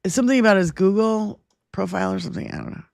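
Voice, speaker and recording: A woman's voice: mid-range voice, racing, creaky, darkish tone, dry recording, studio quality. A woman co-hosting a livestream chat in a loose, profane, giggly way. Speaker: livestream co-host. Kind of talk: casual chat.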